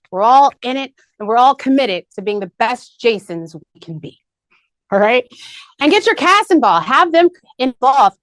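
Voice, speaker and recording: Upbeat woman presenter, coaching tone, slightly high voice, dry close sound. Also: no room sound. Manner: energetic, coaching, repeats key points. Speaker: marketing presenter at a company meeting.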